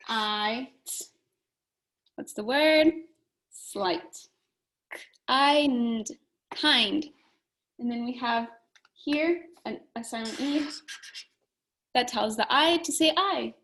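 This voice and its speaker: Slow, clear-speaking woman teacher. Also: on the high side, fairly bright tone, poor audio. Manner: slow, clear sounding-out of letters and words. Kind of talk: phonics lesson for young children.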